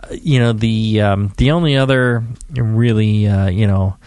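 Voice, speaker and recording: A man co-hosting a podcast in casual chat, rambling and halting with many fillers and restarts. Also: on the low side, a little mellow, no room sound. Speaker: podcast co-host.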